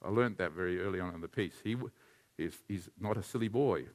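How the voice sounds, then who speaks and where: A man preaching a sermon as a pastor, animated and leading his congregation in call-and-response. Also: sits low, brisk.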